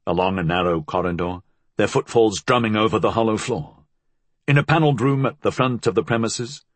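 A man narrating a story as an audiobook reader with a measured, expressive delivery. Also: low-pitched, slightly rough, no room sound. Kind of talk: scripted narration.

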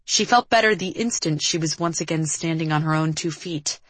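A woman narrating a novel as an audiobook, in a steady storytelling manner. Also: low voice, moderate pace, no room sound. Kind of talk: scripted narration.

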